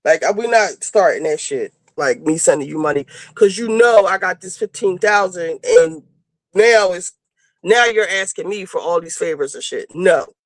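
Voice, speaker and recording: A woman co-hosting a podcast rambles through a casual story thick with fillers and swearing. Her voice is on the low side and moderately paced, with no room sound on the clip-on mic, and she moves around inside before leaving.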